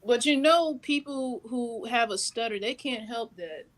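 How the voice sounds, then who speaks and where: A woman co-hosting a casual livestream, chatty and quick to chime in. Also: fairly high pitch. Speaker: podcast co-host.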